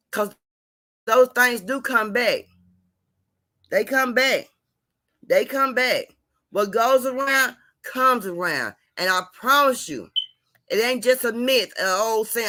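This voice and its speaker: A woman's voice: fairly high pitch, sharp tone. A woman hosting her channel, lecturing viewers in a repetitive, emphatic, preachy monologue. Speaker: channel host.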